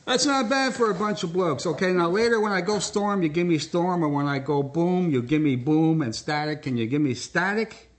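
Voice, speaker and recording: A man's voice: on the high side, normal speed. A man hosting a live stage show, joking and coaxing the audience along. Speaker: host. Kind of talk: comic stage patter.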